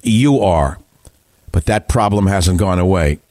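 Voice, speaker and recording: A man's voice: low voice, lively intonation, a little slow, darkish tone, no echo. A man hosting a talk radio show, delivering a combative, scornful political monologue with heavy emphasis. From United States.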